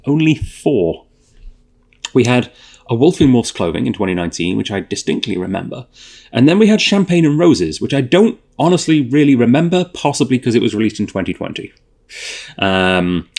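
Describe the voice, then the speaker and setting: A man's voice: medium pitch, vocal fry, darkish tone. A man hosting a whisky tasting video, chatting casually and thinking aloud with fillers and self-corrections. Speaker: host.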